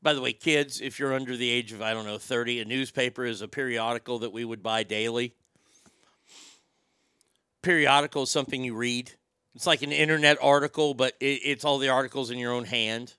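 A man's voice: medium pitch, steady tone, fairly quick, bright, forceful tone, smooth, dry recording, studio quality. A man hosting a talk show, ranting bluntly and profanely, with frequent stammered restarts. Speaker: show host. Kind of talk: opinionated talk show rant.

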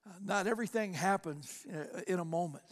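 A pastor preaching a sermon, telling a personal story in an animated way and acting out the people in it. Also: male voice, high voice, a little fast. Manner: animated storytelling, acts out quotes. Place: church sanctuary. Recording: long church hall reverb.

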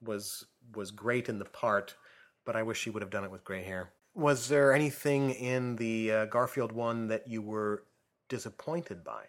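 A man in casual conversation, giving measured, slightly picky opinions about movies. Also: fairly low pitch, steady tone. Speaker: co-host of a movie discussion. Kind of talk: casual chat.

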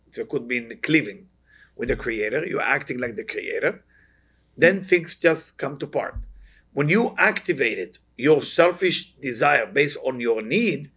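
A man's voice: medium pitch, fairly bright tone, husky. A man giving a spiritual lecture to an audience, earnest and questioning, often repeating short phrases. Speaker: Kabbalah teacher.

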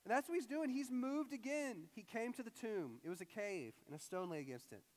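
A young male pastor preaches in an easy, conversational way, acting out voices as he explains the passage. His voice sits a little high for a man. The sound rings with the long reverb of a large hall. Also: a little fast. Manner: animated, conversational, acts out quoted voices. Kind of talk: sermon.

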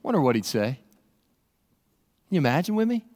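Pastor preaching, dramatic with lots of questions, kinda high voice, long echo in a big church. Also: male voice, big pitch swings, fairly quick, pauses often, darkish tone. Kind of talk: sermon. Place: church sanctuary.

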